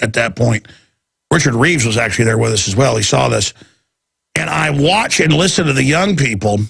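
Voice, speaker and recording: A man with a Texas accent hosting a talk radio show, ranting and mocking people in a gravelly, husky voice. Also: a little high, a bit bright.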